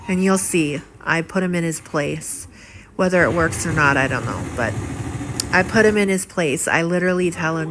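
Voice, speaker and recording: A woman's voice: lowish voice, moderate pace. A middle-aged woman talking to camera in a rambling, indignant way, with many fillers and repeated words. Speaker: vlogger. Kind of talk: casual monologue to camera. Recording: steady audible background noise.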